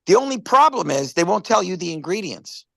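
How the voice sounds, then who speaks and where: A man's voice: high-pitched, sing-song, brisk, creaky, a bit bright, no room sound. A man casually presenting a product on a live stream, rambling through stories and stumbling over repeated words.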